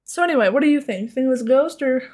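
A woman's voice: high voice, animated, rapid-fire, a little mellow. A woman co-hosting a podcast, telling a rambling, profane, comic story in a casual chat. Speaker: podcast co-host.

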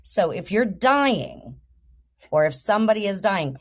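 A middle-aged woman co-hosting a casual podcast, reading verses slowly and telling long jokes. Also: mid-range voice, very animated. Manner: reads verses slowly, tells jokes at length. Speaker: podcast co-host.

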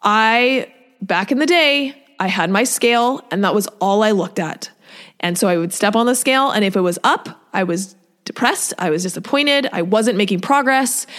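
A woman fitness coach hosting a solo podcast, chatty, acting out what people say and stressing key words by slowing down. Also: mid-range voice. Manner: chatty, quotes people in asides, speeds up and slows for emphasis.

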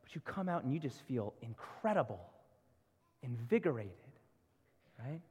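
A man's voice: medium pitch, big pitch swings, a little slow, a little mellow, husky. A man preaching a sermon as pastor, earnest, asking pleading rhetorical questions of his congregation. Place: church sanctuary. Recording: reverberant church hall.

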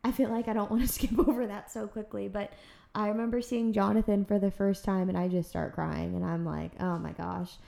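Woman, podcast host, animated storytelling, casual chat, echoey room. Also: medium pitch, a little fast, creaky. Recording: roomy echo.

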